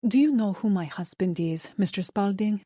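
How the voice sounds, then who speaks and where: A woman's voice: medium pitch, animated, normal speed, warm tone, dry recording, clean studio sound, lightly acted. A woman voicing a glamorous female client who speaks with a thick Colombian accent, earnest and pleading.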